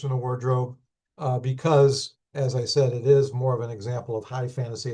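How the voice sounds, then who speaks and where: A hoarse man teaching a class, unhurried and thinking aloud with many fillers and restarts. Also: mid-range voice, darkish tone. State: hoarse, losing his voice. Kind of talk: recorded class lecture.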